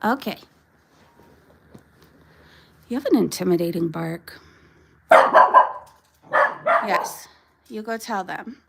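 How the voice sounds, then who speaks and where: Slow gravelly woman chatting outdoors. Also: medium pitch, animated, slight background noise. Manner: talks to her dog and chat, laughs often. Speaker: vlogger livestreaming. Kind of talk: casual livestream chat. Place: backyard outdoors.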